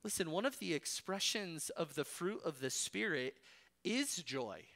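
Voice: medium pitch, animated, unhurried, a bit bright. A preacher delivers an expository sermon with firm emphasis. The voice exhorts listeners directly and leans on rhetorical questions to drive each point home.

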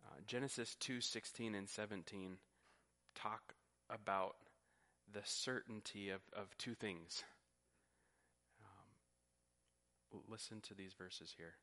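A man's voice: fairly low pitch, fairly even intonation, slow, long pauses, pushed and bright. A man preaching a sermon, teaching earnestly and often repeating words as he goes. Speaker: pastor.

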